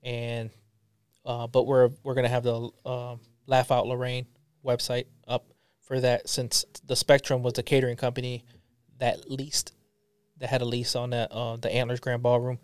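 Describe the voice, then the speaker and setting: Middle-aged comedian guy chatting loose and rambly, smooth clear voice, dry close sound. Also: medium pitch, monotone, normal speed, dry recording. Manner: rambling, full of ums and restarts. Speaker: comedian guest. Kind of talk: casual interview chat.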